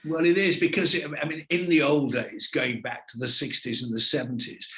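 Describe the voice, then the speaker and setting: An older man from England, a veteran TV presenter, answering interview questions in relaxed, anecdotal storytelling. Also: medium pitch, moderate pace.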